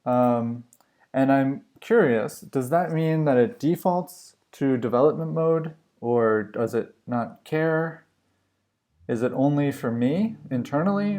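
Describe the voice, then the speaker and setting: A man live coding on a stream, thinking aloud in a musing, halting way and questioning himself as he works. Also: medium pitch, creaky, warm tone. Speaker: livestream coder.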